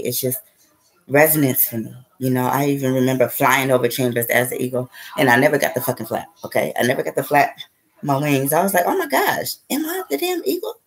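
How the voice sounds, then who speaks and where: Heard on a low-quality recording, a spiritual vlogger with a bass voice tells a casual, wandering story. She swears freely and keeps asking her audience "okay?" and "right?"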